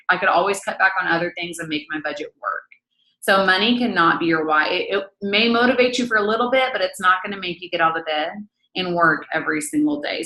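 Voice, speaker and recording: A woman's voice: on the low side, pushed and bright, roomy sound, rough recording. A woman in her thirties leading a casual book-study talk, blunt and matter-of-fact. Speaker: team leader hosting a book study.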